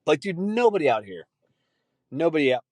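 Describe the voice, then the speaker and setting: A man's voice: on the high side, sing-song, fairly quick, a little mellow, no echo. A man hosting a podcast, ranting in a profane, casual chat and laughing easily. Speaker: podcast host.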